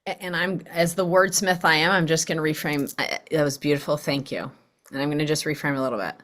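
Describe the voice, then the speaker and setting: Talking fast in a deep, slightly bright voice, a middle-aged woman hosts a podcast built around casual conversational interviews. She's animated and casual, acting out quoted voices as she goes.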